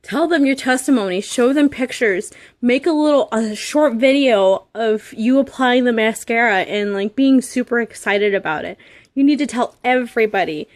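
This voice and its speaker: A woman in her thirties giving an earnest, halting motivational talk to her sales team, getting emotional at times. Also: on the high side, no room sound, clean studio sound. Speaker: direct sales seller.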